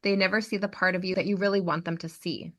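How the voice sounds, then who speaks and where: A woman hosting a podcast, recapping a TV episode as an animated storyteller. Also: fairly low pitch, fast. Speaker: podcast host.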